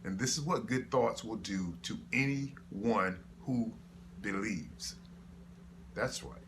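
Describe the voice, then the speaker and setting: Bright forceful guy doing a chatty motivational sermon, kinda preachy. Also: on the low side, slow pace, slight background noise. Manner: preachy, conversational, rhetorical questions. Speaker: motivational speaker.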